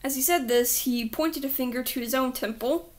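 A woman's voice: high-pitched, normal speed. A woman reading a children's book aloud with dramatic storytelling that dips into whispers.

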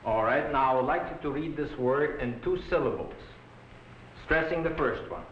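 A male language professor giving a patient, deliberate pronunciation lecture to a class. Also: a little high, slight background noise. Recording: muffled roomy 1960s film soundtrack.

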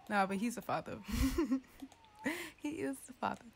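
A woman's voice: moderate pace, vocal fry, a little hiss or hum. Chatty woman narrating a sim game. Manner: chatty, playful, voices the sims' thoughts in a squeaky tone. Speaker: gaming YouTuber. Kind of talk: casual let's-play commentary.

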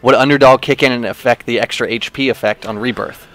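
A man in a middle-pitched voice hosts a game studio's livestream. He keeps things upbeat and casual, putting questions to his guest and relaying questions from viewers. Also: fairly even intonation, fast, a bit bright. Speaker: livestream host.

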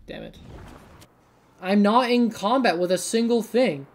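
A woman's voice: mid-range voice, a little slow, long pauses, slight background noise. A young woman streamer giving casual gameplay commentary, swearing often and talking to herself as she plays. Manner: profane, excitable, talks to herself.

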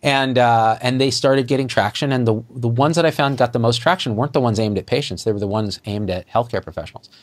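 Middle-aged doctor guy telling a story, acts out every quote, voice jumps up high for the punchlines. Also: quick pace, few pauses. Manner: animated, acts out quoted dialogue with jumps in pitch. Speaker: physician guest. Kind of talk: conversational storytelling.

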